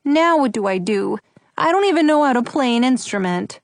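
An anxious eight-year-old boy with a small, quivering voice , put on by a woman reading a storybook. The pitch leaps up and down a lot as he frets, and the sound is dry and close. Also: animated, normal speed, no echo.

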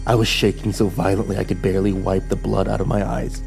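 A man narrating a first-person horror story in a low, subdued storytelling voice. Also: flat delivery, fast, gravelly, hardly any pauses, darkish tone, faint music behind.

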